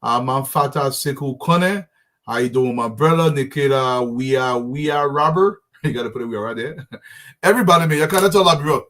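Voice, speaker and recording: A man's voice: medium pitch, normal speed, fairly bright tone. A man runs a live talk show and greets his audience by name. His delivery is friendly and rambling, full of fillers and restarts, in an ordinary mid-range voice. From Liberia. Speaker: show host.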